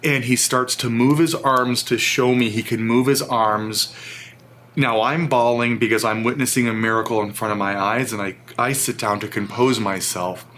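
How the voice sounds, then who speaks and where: As an interview guest, a man tells a personal story earnestly and emotionally, retelling it vividly. His mid-range voice is steady and fairly bright at normal speed, with slight background noise.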